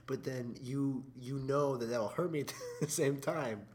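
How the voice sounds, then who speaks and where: A man's voice: mid-range voice, darkish tone. A young man with a cold co-hosting a podcast, sounding stuffy and joking defensively with his friend. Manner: defensive, joking, quick to laugh. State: congested with a cold. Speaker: podcast co-host. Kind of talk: casual podcast banter.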